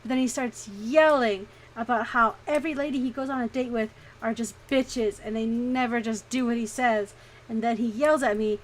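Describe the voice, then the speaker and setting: Casting: young woman, fairly high voice, animated casual storyteller, curses freely. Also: normal speed, rough recording. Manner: animated, swears freely, laughs often. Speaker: streamer.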